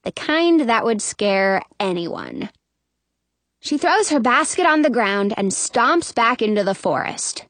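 A woman narrates a children's story in first person, expressive and taking on the voice of a young girl. Her voice is high and her pace unhurried. The recording is close and dry. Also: no room sound. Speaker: audiobook narrator.

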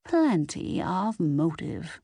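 Brief: a woman playing shrewd older granny sleuth, dry and pointed, lively pitch, storybook read, dry close sound. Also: drawn-out words, breathy edge, no room sound, exaggerated voice.

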